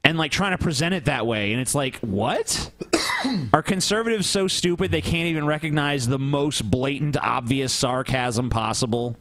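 A man's voice: medium pitch, animated, moderate pace, a bit bright, no room sound. A man co-hosting a casual podcast, swearing often and bantering with sarcasm. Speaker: podcast co-host.

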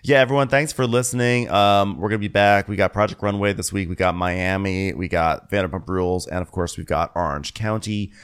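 A man's voice: sits low, fairly quick, hardly any pauses, clear, resonant tone. A man co-hosting a podcast, chatting casually and laughing often as he recaps. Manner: animated, laughs often, mimics others. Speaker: podcast co-host.

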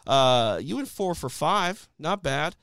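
A young man co-hosting a combat sports podcast, chatting casually through the night's results. His voice is smooth and resonant, recorded close in a dry space with no room sound. He leans on fillers and restarts as he talks. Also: on the high side, lively intonation, slow, a bit bright, dry recording. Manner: chatty, frequent "uh" and "you know" fillers. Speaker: podcast host.

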